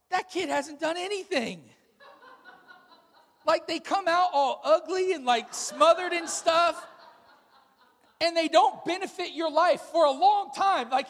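Male pastor, very high voice, relaxed conversational sermon with call-and-response, long hall reverb. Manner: casual, conversational preaching with congregation call-and-response.

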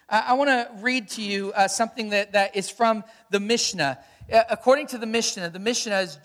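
High-voiced male pastor in a reverberant hall. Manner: storytelling, animated, asks the congregation questions. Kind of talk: sermon.

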